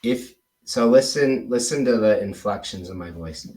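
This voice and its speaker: A man's voice: on the low side, lively intonation, moderate pace, a little mellow, far from the mic, poor audio. A man coaching a sales trainee through a role-play drill, stressing words with exaggerated inflections. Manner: exaggerated, emphatic inflections when demonstrating.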